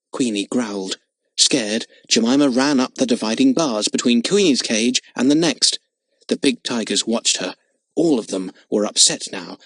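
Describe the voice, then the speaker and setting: A man narrating a children's audiobook with an expressive, dramatic reading. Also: mid-range voice, no room sound. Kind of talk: storybook narration.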